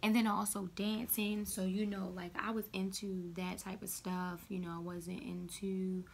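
A woman chatting casually to camera as a beauty vlogger, playful and full of quick asides. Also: medium pitch, little pitch movement, creaky, slight background noise.

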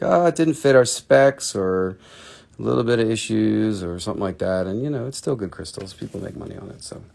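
A man's voice: medium pitch, creaky, darkish tone. A man in his forties hosting a live crystal sales show, chatty and jokey, sometimes slipping into a put-on accent. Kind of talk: casual live-stream selling.

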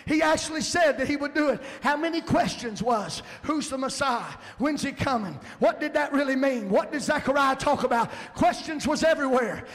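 High gravelly guy preaching hard, shouting it out, big echoey church. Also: a little fast, hardly any pauses. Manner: fervent, builds to emphatic shouts. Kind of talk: sermon. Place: church sanctuary. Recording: long church hall reverb.

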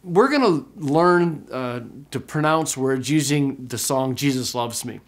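A man teaching a Greek class, explaining pronunciation patiently, repeating words slowly and checking in with "okay?". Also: medium pitch, lively intonation. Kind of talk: classroom lecture.

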